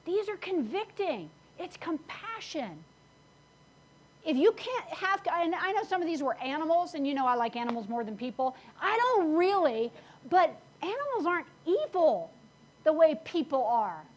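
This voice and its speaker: A woman's voice: high voice, sing-song, normal speed, low-quality recording. A woman pastor preaching a conversational sermon, plain-spoken and self-teasing, leaning hard on key words. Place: church service.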